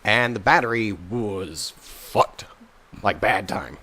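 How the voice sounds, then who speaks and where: A man's voice: lowish voice, slow. A man chatting casually on a podcast, telling a story and acting out the people in it. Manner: animated storyteller, acts out voices in his anecdotes. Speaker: podcast guest. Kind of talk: casual chat.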